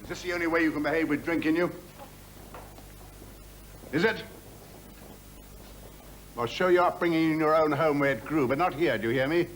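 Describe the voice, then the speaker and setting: An actor playing a bitter, contemptuous middle-aged RAF wing commander, barking orders at the men in a 1970s television drama. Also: male voice, a little high, moderate pace, long pauses, a little hiss or hum, lightly acted. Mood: furious. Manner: barking, scornful officer's tirade. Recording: old TV film with loud music.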